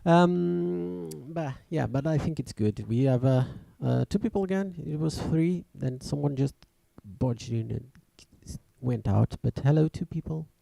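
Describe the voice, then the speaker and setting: Gravelly, dark-voiced man hosting a music show. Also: on the high side, measured pace, dry recording. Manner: rambling, hesitant, many restarts. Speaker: radio show host and DJ. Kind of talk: casual chat on a livestreamed music show.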